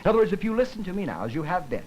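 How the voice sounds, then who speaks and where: A man's voice: high-pitched, big pitch swings, very fast, muffled recording, slight background noise. A man giving a televised lecture on language, demonstrating intonation with his own rising and falling voice.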